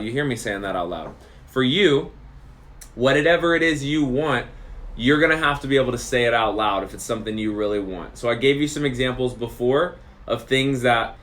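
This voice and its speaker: A man's voice: medium pitch, fairly bright tone. A man hosting a podcast, talking straight to the listener in an emphatic motivational monologue that repeats phrases for effect. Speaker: podcast host.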